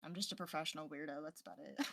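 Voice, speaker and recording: A soft-spoken, quiet woman chatting casually as a guest on a stream, laughing often. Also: low-pitched, expressive, fast, creaky. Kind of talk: casual chat. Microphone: home streaming mic.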